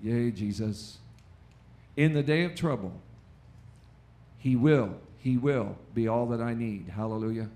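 An American man preaching a lively sermon in a church, with call-and-response and acted-out quotes. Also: medium pitch, measured pace, pauses often. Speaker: pastor. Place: church auditorium.

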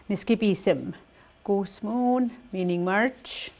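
An older woman teaching a language lesson, speaking slowly and carefully, saying each word twice before she explains it. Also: mid-range voice. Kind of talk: slow spoken language lesson.

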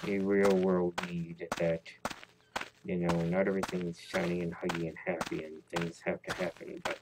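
A man's voice: low voice, level tone, normal speed. A man hosting a let's play, giving casual gameplay commentary in a rambling, jokey, self-mocking way. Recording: loud background noise.

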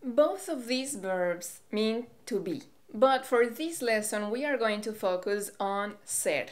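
A young woman from Colombia, a Spanish teacher, explaining grammar in a clear, measured way. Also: a little high, lively intonation. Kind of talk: language lesson.

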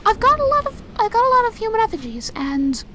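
A woman's voice: very high voice, sing-song, fast talker, sharp tone. A young woman doing casual, rambling gameplay commentary, talking to herself and getting exasperated as she plays. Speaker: let's play host.

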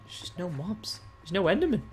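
High-voiced and a little mellow, the young gaming host talks a little fast with big pitch swings, and slight background noise can be heard. As he plays he's casual and teasing, occasionally getting frustrated.

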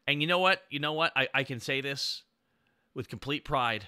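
Very bright-voiced goofy male streamer. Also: lively intonation, normal speed. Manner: goofy and playful, jumping between loud bits and low mumbling asides. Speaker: VTuber streamer. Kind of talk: casual live-stream chat.

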